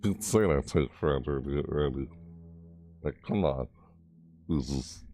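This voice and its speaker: A man's voice: a bass voice, measured pace, warm tone, a little hiss or hum. A man chatting casually on a live stream, rambling, reading chat messages aloud and chuckling.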